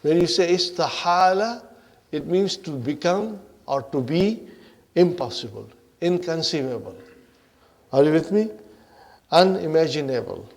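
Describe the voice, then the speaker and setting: A man's voice: a little high, expressive, unhurried, gravelly, pauses often, darkish tone. A man teaching Arabic grammar in a classroom lesson. He reads Arabic lines aloud, explains them in English and keeps checking in with "huh?" and "are you with me?".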